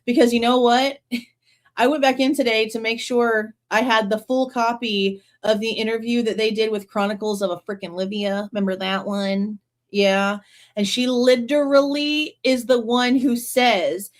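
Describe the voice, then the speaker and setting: A woman's voice: a little high, normal speed. A woman hosting a true crime livestream, reading passages from a book aloud and breaking off into blunt, sarcastic commentary with swearing. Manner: reads quoted passages, then breaks off to comment.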